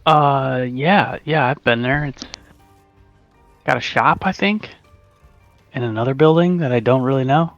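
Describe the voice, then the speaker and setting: Brief: male player, deadpan in-character talk, dry close sound. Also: mid-range voice, a little slow, pauses often, dry recording, lo-fi sound, faint music behind. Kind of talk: in-character tabletop play.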